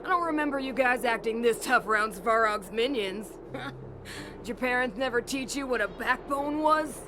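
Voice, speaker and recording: A woman's voice: fairly high pitch, moderate pace, noisy background, close to an everyday voice. A woman voicing a stern defender of a mining team in a video game, firmly scolding freeloaders. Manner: scolding, firm, contemptuous.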